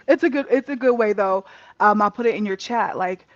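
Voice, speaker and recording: A woman telling a personal story in a candid casual chat over a video call, animated and laughing often, cursing freely. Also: medium pitch, moderate pace, dry recording. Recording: dull muffled lo-fi mic.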